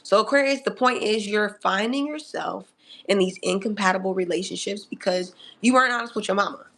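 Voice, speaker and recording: A woman's voice: mid-range voice, fairly quick, a little hiss or hum. Sassy woman giving a tarot reading. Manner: sassy, animated, calls the audience honey and darling; laughs often between remarks. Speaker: tarot reader. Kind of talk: live astrology tarot reading.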